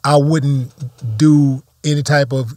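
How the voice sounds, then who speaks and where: A man's voice: mid-range voice, flat delivery, takes it slowly, a little mellow, dry recording, clean studio sound. Blunt, profane man telling stories. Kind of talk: casual chat.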